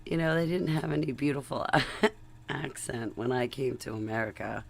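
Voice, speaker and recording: A woman's voice: very deep voice, normal speed, vocal fry. A woman vlogging in a casual, rambling, digressive monologue, chatty and talking to her viewers. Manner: rambling, chatty, digressive, laughs between thoughts.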